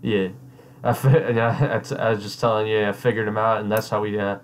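A chatty man hosting a loose, casual talk with a friend, with a slightly low voice. He reads out chat messages in a mocking tone. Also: flat delivery, brisk, a little hiss or hum. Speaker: host.

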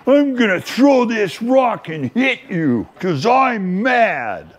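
Man doing a high-voiced four-year-old boy. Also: very animated, heavily acted. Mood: threatening. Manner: high, childish, drawn-out pleading and threats. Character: small boy aged four, eager and hot-tempered.

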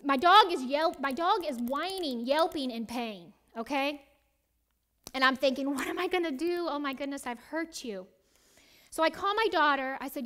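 Bright-voiced woman teaching the Bible. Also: sits high, moderate pace. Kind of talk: Bible teaching with a personal story.

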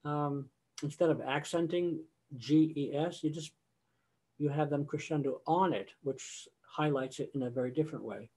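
An older man lecturing on choral conducting over a video call, his voice sitting a little high for a man. He talks in a loose, conversational way and now and then sings short phrases to show how they should sound. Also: moderate pace, dark tone, slightly rough. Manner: conversational, sings example phrases mid-explanation.

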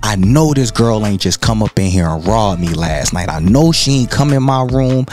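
A young man telling a storytime vlog, swearing and jumping up high in pitch when outraged. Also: expressive, moderate pace, darkish tone, soft background music. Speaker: travel vlogger. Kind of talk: storytime narration.

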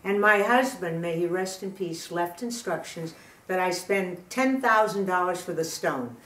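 An older woman telling jokes in a chatty, halting way, laughing at her own punchlines. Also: lowish voice, fairly bright tone. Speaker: guest storyteller. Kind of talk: telling jokes in casual chat. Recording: roomy sound from a distant mic.

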